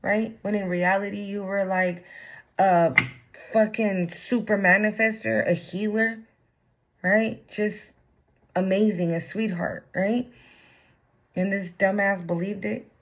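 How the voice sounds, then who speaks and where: A woman's voice: medium pitch, steady tone, slow pace, poor audio. A woman giving a casual tarot reading, blunt and profane, full of slang. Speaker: tarot reader.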